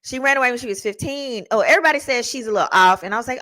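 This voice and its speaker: A woman attorney hosting a show, telling stories in a casual, slangy, animated way with laughing asides. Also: on the high side, racing. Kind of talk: casual storytelling chat.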